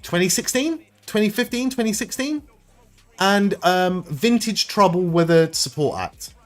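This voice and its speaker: A man's voice: sits high, lively intonation, measured pace, soft background music. A man hosting a live stream, chatting casually with viewers, rambling and swearing freely. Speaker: livestream host reading chat.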